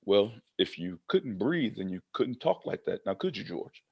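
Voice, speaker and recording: A man voicing a calm, patient male staff member at a youth facility who speaks slowly and soothingly. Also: lowish voice, muffled recording, a little hiss or hum. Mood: zen calm. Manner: slow, soothing, unbothered.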